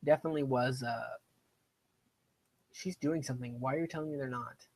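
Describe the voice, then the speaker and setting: Fairly quick and a little mellow, a young man's mid-range voice carries casual live-stream commentary. He's a gaming streamer who rambles and jokes at his own expense as he plays.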